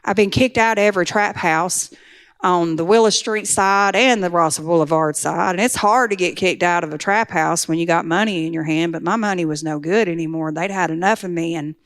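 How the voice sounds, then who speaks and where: A woman's voice: fairly low pitch, brisk. A middle-aged woman, telling her recovery story in an earnest testimony that builds to pleading intensity. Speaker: speaker sharing a recovery testimony. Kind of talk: personal testimony talk.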